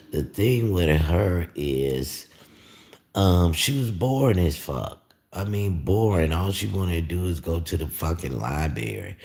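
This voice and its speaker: A man's voice: a bass voice, a little mellow. A man chatting casually on a livestream, rambling with lots of fillers and cursing freely. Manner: rambling, profane, meandering with many fillers. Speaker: YouTuber on a livestream. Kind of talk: casual live-stream chat.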